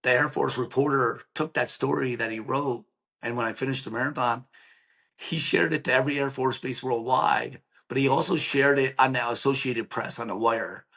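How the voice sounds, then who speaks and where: A man's voice: medium pitch, moderate pace, vocal fry. A middle-aged man, a podcast guest, telling a personal story with energy, acting out what people said and sprinkling in "like" and "right?". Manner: animated storyteller, acts out quoted dialogue, many "like" and "right?" fillers. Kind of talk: emotional personal storytelling in an interview.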